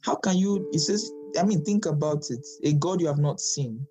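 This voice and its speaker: A man's voice: fairly high pitch, normal speed, dark tone, soft background music, low-quality recording. Emphatic man teaching scripture. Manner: emphatic, repeats phrases, light laughs. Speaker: Bible study teacher. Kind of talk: Bible study teaching.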